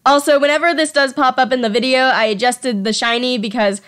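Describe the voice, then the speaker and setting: A woman's voice: high-pitched, fairly even intonation, fairly quick, a bit bright. A young woman talking casually over her drawing at home, chatty and self-deprecating, sometimes tripping over her words. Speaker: artist presenting her fan creature designs.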